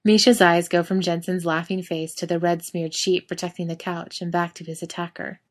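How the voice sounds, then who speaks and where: A woman reading a story aloud as narrator, with steady, expressive pacing. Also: lowish voice.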